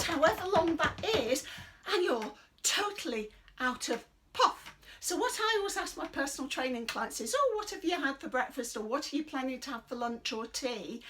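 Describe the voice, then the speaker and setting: A middle-aged British woman leading a chair exercise class in a chatty, rambling, encouraging way, breathing deeply and a little out of breath. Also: a bit bright, a little hiss or hum. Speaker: fitness instructor. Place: indoors under a big light.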